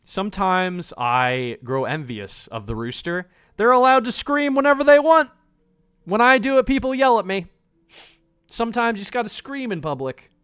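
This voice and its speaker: A man's voice: high voice, normal speed, smooth, no echo, studio quality. A man streaming a video game, reading it aloud and joking around with lots of swearing. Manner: animated, jokey, swears often. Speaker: gaming streamer.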